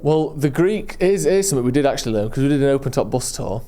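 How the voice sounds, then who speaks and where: A man's voice: medium pitch, expressive, fast, dark tone. A man co-hosting a comedy podcast, telling rambling, enthusiastic travel stories in casual chat. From England. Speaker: podcast co-host.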